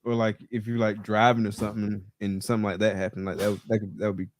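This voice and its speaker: A man's voice: fairly low pitch, little pitch movement, fast, slight background noise. A man hosting a podcast interview, mostly giving short reactions and asking brief follow-up questions. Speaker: podcast host. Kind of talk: casual interview.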